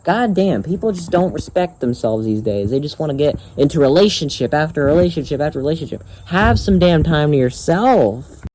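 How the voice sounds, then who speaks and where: A man's voice: a little high, animated, brisk, darkish tone, slight background noise, low-quality recording. A young man vlogging outdoors, telling a story in a profane, exasperated and sarcastic rant. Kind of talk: ranting storytime vlog.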